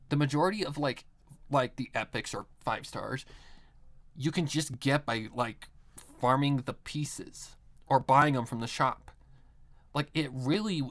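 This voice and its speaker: A man's voice: a little high, a bit bright. A man chatting casually on a live stream while he works, rambling with a lot of filler words and frequent swearing.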